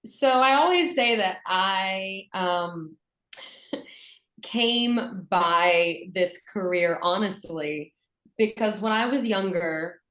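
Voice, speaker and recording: A woman from Western North Carolina with a softened Southern accent, a voice actress and dialect coach chatting in an interview with lots of fillers and restarts. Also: medium pitch, extremely slow, roomy sound, rough recording. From Western North Carolina, USA. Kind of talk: conversational interview.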